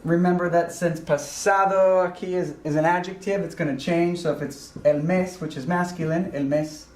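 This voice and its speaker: A man teaching a recorded grammar lesson, explaining slowly and deliberately with frequent ums and uhs. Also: sits high, fairly even intonation, a little mellow, roomy sound. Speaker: Spanish teacher.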